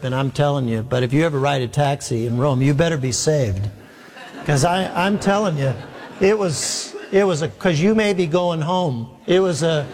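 Storytelling pastor in a reverberant hall. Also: male voice, fairly high pitch. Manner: humorous, self-deprecating storyteller with lively acted quotes. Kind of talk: sermon storytelling.

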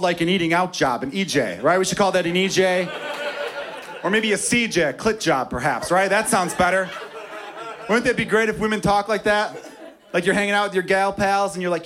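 Brash young male stand-up comic, high-pitched, filthy punchy material, live club recording. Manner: brash, profane, punchy delivery. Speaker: stand-up comedian. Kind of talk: stand-up comedy set. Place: club stage before a laughing crowd.

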